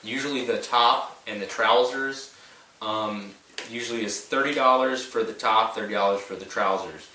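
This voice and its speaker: A young man with a fairly low, bright-edged voice explains things steadily, pausing on fillers as he goes. He is recorded from a distance in an echoey room with faint noise behind him. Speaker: co-host answering fan questions. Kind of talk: casual chat.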